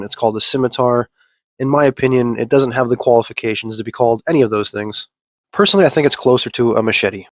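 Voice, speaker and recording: A man's voice: medium pitch, no room sound. A young man with a stuffy, nasal voice from a cold, explaining how to use a sword in an instructional video with dry joking asides. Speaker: martial arts instructor.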